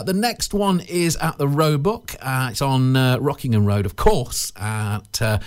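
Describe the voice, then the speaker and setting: A man in his twenties presenting local radio in a chatty, jokey, self-mocking way. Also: mid-range voice. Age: 20s.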